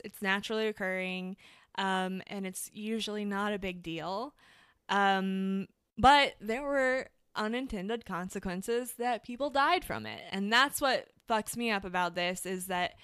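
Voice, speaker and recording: A woman talks casually as a podcast co-host, filling her sentences with "like" and "um." Her voice is smooth and clear, recorded close and dry, with no room sound. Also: medium pitch, a bit bright, dry recording. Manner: chatty, fillers, many "like"s. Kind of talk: casual chat.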